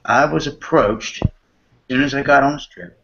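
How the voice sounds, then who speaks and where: Blunt animated storyteller, muffled audio. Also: male voice, medium pitch, moderate pace, gravelly, a little hiss or hum. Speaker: podcast guest. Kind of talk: casual chat, recounting events.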